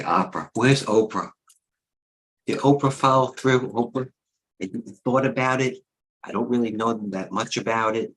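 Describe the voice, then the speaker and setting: Low-voiced man rambling about markets. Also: a bit bright, low-quality recording. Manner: rambling, off-the-cuff, many fillers; blunt, opinionated. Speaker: head trader and trading coach. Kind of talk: live market commentary stream.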